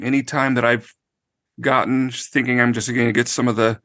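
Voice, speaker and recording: A man's voice: mid-range voice, flat delivery, normal speed, a bit bright, no echo, clean studio sound. A man on a podcast panel, hesitant, with many fillers and asides. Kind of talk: casual chat.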